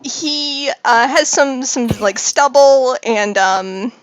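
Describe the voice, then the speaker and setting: Woman game master for a tabletop game. Rambling, filler-heavy narration, high animated pitch, dry sound. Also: slow, no room sound.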